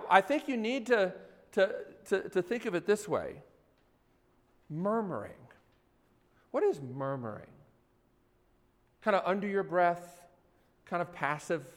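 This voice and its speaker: A man's voice: high voice, a bit bright. A man preaching a sermon as pastor, talking conversationally and putting many questions to his audience. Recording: hall reverb.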